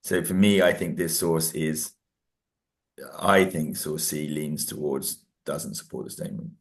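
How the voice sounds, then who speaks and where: A man teaching history in a casual revision discussion, animated, laughing often and acting out what students say. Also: very deep voice, unhurried.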